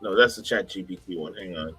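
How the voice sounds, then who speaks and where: A man's voice: low-pitched, brisk, fairly bright tone, faint music behind. A man co-hosting a livestream, chatting casually and rambling with many uhs and repeated words. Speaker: co-host sharing his screen.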